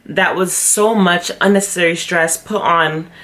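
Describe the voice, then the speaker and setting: A young woman vlogger telling a personal story to camera, chatty and animated, often acting out what others said. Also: fairly low pitch, measured pace. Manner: chatty with frequent fillers. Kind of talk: storytime vlog.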